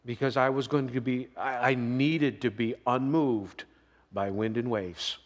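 A man's voice: medium pitch, fairly even intonation, unhurried. Man preaching in a reverberant hall. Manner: conversational preaching with emphatic rises and "right?" asides. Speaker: pastor. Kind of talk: sermon. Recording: long reverb of a large hall.

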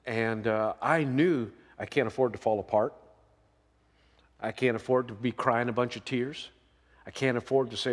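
A man preaches in a relaxed, talky way, pushing his voice up for emphasis and checking in with his listeners. His voice rings out with the long reverb of a large hall. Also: medium pitch, normal speed. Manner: conversational preaching with emphatic rises and "right?" asides. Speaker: pastor. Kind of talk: sermon.

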